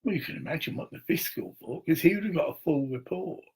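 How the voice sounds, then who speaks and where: A man vents to his camera on a live stream, aggrieved and swearing freely. His voice is gravelly and husky, and it sits somewhat higher than most men's. He wanders from point to point, stopping to read viewer comments. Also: lively intonation, quick pace, darkish tone. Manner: profane, aggrieved, restless. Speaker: livestreamer. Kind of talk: rambling live-stream monologue.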